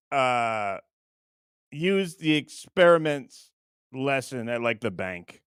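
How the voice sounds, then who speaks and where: A man's voice: medium pitch, smooth, no echo, clean studio sound. A man hosting a show, riffing through comic bits in casual chat and laughing often. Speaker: host.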